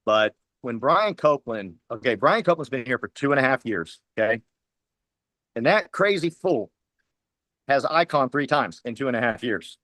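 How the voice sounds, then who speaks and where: A man's voice: mid-range voice, expressive, normal speed, fairly bright tone, dry recording. A man giving a fiery, preachy motivational pep talk to his team, hammering points with repetition. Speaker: team leader speaking at a company huddle.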